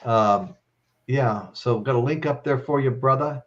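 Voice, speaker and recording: A man's voice: medium pitch, measured pace, muffled recording, a little hiss or hum. Rambling man hosting a live stream. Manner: rambling storyteller, tags lines with okay. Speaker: host.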